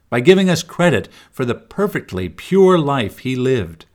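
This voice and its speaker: Calm low-voiced man reading a devotion. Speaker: devotional host.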